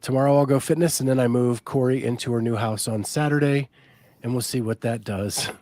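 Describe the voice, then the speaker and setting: A man hosting a podcast, chatting casually and reading sponsor spots in a relaxed way with frequent ums. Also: mid-range voice, fairly quick, dry recording. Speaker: podcast host. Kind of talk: casual chat and sponsor reads.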